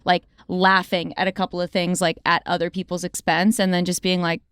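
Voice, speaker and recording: A woman's voice: on the low side, brisk, clean tone, dry recording, clean studio sound. A young woman co-hosting a podcast, chatting casually and telling stories with lots of "like". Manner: animated storyteller, heavy use of "like". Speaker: podcast co-host. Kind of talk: casual chat.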